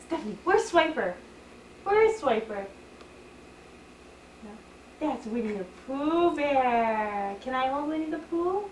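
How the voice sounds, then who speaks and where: A woman with a high, lively voice coaxes her toddler at a slow, patient pace, repeating each prompt in a sing-song way. It sounds like an old home camcorder tape, echoey, with steady background noise. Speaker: mother filming her toddler. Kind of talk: home video chat with a toddler. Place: family home, indoors. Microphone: camcorder microphone.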